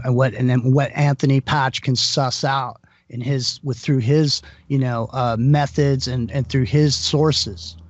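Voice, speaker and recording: Halting male co-host, muffled sound. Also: mid-range voice, no room sound. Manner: halting, many restarts and fillers. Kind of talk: casual live show chat.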